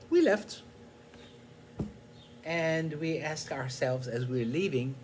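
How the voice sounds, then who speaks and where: An older man telling a personal story in an unhurried, reflective way, pausing often with small fillers. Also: fairly high pitch, animated, a little hiss or hum.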